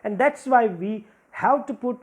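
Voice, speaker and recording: A man teaches a grammar lesson for school students. He goes patiently, repeating points and listing example after example so that each rule is clear. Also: very high-pitched, measured pace.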